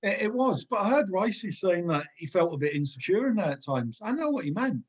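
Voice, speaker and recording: A middle-aged man tells stories from his playing days in a loose, animated way, often breaking into laughter. His voice sits slightly high for a man. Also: brisk, husky. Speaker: podcast guest, former footballer. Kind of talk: casual storytelling.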